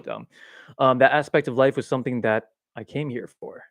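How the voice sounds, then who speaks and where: Speaking a little fast in a mid-range voice, this livestream host sits in a swivel chair at home and chats loosely about spiritual topics, laughing often and mocking himself. The boom-arm mic gives a clean, studio-like sound with no room tone.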